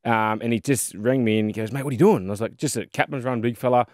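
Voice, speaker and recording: A man's voice: mid-range voice, fast talker, no echo. Aussie guy in his 30s telling footy yarns on a podcast, says mate a lot, dry close mic. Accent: Australian. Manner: animated storyteller, fillers and mate. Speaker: podcast co-host, former rugby league player. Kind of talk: casual storytelling chat.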